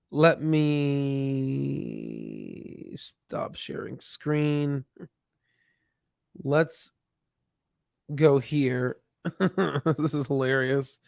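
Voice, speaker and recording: A man's voice: fairly high pitch, darkish tone, smooth, no room sound, studio quality. A tired man hosting a casual livestream about stocks, rambling with lots of restarts. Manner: rambling, many restarts and fillers. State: tired, yawning. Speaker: stock channel host.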